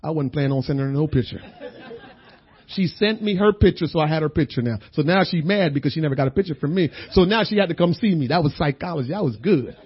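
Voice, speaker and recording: A middle-aged male pastor with a high, husky voice tells a personal testimony in a sermon. He talks in a loose, chatty way, doubling back on his words and chuckling. The recording sounds dull and lo-fi. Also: lively intonation, fast talker. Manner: conversational storytelling, repeats words, chuckles. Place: church.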